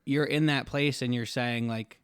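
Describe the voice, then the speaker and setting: A man's voice: mid-range voice, steady tone, measured pace, fairly bright tone, clean tone, no echo, studio quality. A man, a podcast guest, chatting casually and telling a rambling story with self-deprecating jokes. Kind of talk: casual conversation.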